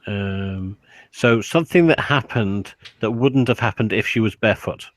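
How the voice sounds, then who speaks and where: A man co-hosting a casual watchalong commentary, guessing aloud with hesitant pauses. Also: lowish voice, no room sound. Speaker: co-host.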